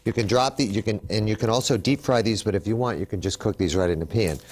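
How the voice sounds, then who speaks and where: A man's voice: fairly low pitch, quick pace, a little mellow. A man hosting a TV cooking demonstration, upbeat and chatty, explaining each step as he works. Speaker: cooking show host.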